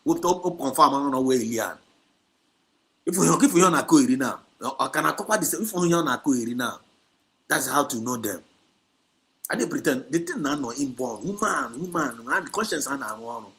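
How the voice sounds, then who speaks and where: With a Nigerian Igbo accent and a mid-range, fairly bright voice, an activist host on a livestream speaks a little fast and animatedly. He exhorts and scolds, leaning on heavy repetition and emphasis while mixing Igbo and English.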